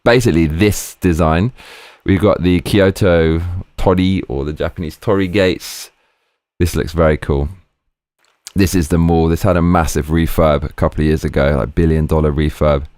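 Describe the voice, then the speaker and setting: A man hosting a live stream, commenting on footage in an excitable, slangy, chatty way. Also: very deep voice, normal speed, dry recording. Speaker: streamer host.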